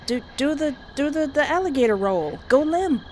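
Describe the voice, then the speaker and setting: A high female voice at normal speed narrates a horror visual novel for a stream, commenting, laughing often and reacting dramatically. Rough audio with steady background hiss.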